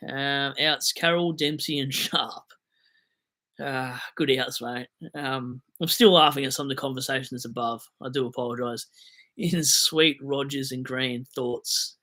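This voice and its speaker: A young Australian man hosting a casual livestream, reading out viewer comments and answering them with rambling, self-mocking jokes. His voice is bright and forward, with a middle pitch. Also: steady tone, unhurried.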